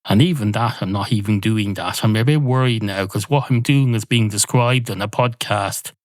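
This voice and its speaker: A man's voice: on the low side, moderate pace, no room sound, natural voice. A man voicing a cautious, rule-bound barman who frets about breaking regulations. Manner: fussy, worried about breaking rules.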